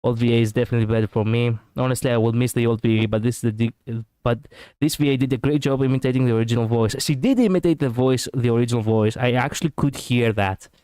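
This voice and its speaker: A man streaming casual reaction commentary, chatty and quick to laugh, on a close mic. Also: mid-range voice, warm tone, clean tone, no room sound.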